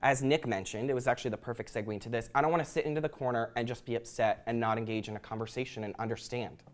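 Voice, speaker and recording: A man's voice: medium pitch, fairly even intonation, racing. Earnest young man giving a talk. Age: young adult. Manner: earnest, reflective, with occasional ums. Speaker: student speaker. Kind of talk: prepared talk to an audience.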